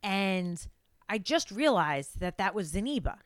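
A woman co-hosting a podcast recaps a film in a casual, animated chat, leaning into the story at a measured pace. She acts out quotes in a high, frantic voice, and there's no room sound.

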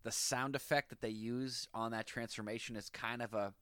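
A man's voice: medium pitch, steady tone, moderate pace, pushed and bright, clear, resonant tone, no room sound, clean studio sound. A man in casual conversation about a film, agreeably retelling its scenes step by step.

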